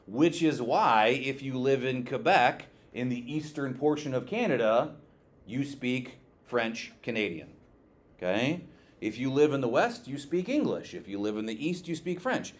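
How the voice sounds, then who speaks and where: A man teaching a class in a classroom, talking in an animated way and throwing questions to his students. His pitch is middling, and he keeps checking in with them as he goes. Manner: lively, asks the class questions, says okay often. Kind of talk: classroom lecture.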